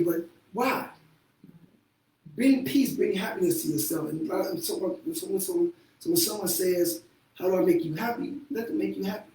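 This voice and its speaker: A man's voice: high-pitched, animated, a little fast. Blunt, profane man in an echoey room. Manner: blunt, profane, laughing often. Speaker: show host and therapist. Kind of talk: candid casual talk. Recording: echoey room from far off with faint noise.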